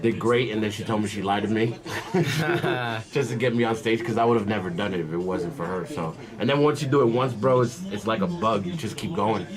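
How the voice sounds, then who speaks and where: A man from Miami with a lowish voice talks easily about how he began in comedy. The noise of a crowd can be heard clearly in the background. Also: a little fast. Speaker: comedian guest. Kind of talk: casual interview chat.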